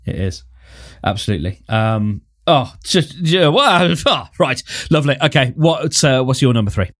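A man's voice: medium pitch, expressive, normal speed, a bit bright. Enthusiastic, rambling male podcast host. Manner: enthusiastic, rambling with many fillers. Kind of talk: casual nostalgic chat.

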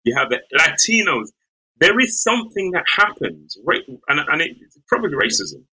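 A middle-aged lawyer from England's West Midlands, guesting on a podcast, recalls his youth in a reflective interview. His voice sits on the high side with big pitch swings, pushed, bright and slightly rough, at normal speed on a low-quality recording. He's thoughtful and searching, often restarting and laughing lightly.

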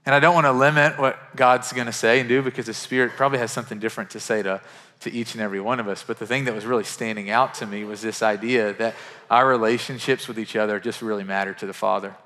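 A man in his thirties from western Kentucky preaching a sermon as pastor, earnest and conversational, restarting phrases and dropping to a hush for quoted lines. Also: medium pitch, fairly even intonation, fast talker. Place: church sanctuary. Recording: church sanctuary with long reverb.

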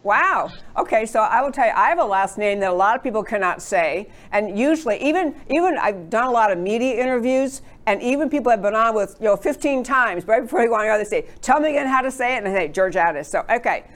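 A woman's voice: on the high side, animated, fast, few pauses. A woman hosting a political talk show, chatting with rambling asides as she introduces her guests. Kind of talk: conservative talk show monologue.

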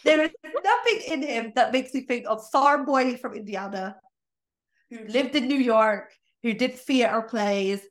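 A woman hosting a casual film review podcast, animated and blunt, often laughing. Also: on the high side, measured pace. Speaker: podcast host.

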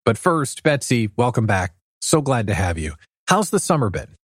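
A man's voice: medium pitch, very animated, moderate pace, no echo. Conversational male podcast host, dry sound. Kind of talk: podcast interview.

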